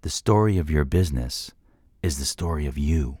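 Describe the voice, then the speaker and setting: A man voicing a calm, firm male business mentor in an audiobook, lecturing in a measured way. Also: extremely low pitch, breathy edge, dry recording, studio quality, full character voice. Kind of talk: audiobook character voice.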